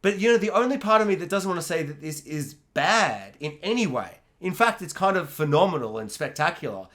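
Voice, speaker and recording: Excitable high-voiced man riffing on a film. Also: fairly quick. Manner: excitable, animated, swears freely, acts out scenes. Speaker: podcast co-host. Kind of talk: casual film discussion.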